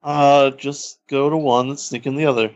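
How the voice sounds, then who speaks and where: A man trading dry, deadpan lines on a comedy podcast. He speaks in a flat, unbothered way. The recording is dull and lo-fi. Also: mid-range voice, moderate pace, no echo. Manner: dry, deadpan, impatient to leave. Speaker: podcast co-host.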